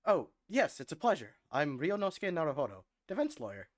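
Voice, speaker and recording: A man's voice: on the high side, very animated, brisk. A man voicing a polite, earnest young defense lawyer in a game reading. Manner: polite, earnest, laughs easily.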